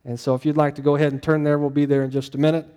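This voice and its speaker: A man's voice: fairly high pitch, little pitch movement, rapid-fire, dark tone, clean tone. A middle-aged man preaching a sermon to his congregation in a conversational, folksy way, often asking the room questions. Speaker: pastor.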